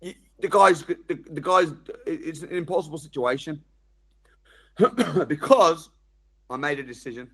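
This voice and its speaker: A man's voice: a little high, a little slow, long pauses. A man speaking to a live seminar audience, addressing them directly with questions and acting out the inner voices he describes. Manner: animated, acts out quoted inner voices. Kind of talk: live motivational seminar talk.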